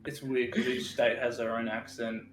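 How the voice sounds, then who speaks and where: A man's voice: mid-range voice, level tone, normal speed, soft background music. An Australian man co-hosting a casual podcast, talking bluntly, swearing and chiming in. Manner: blunt and profane, often chiming in. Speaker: podcast co-host. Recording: roomy echo.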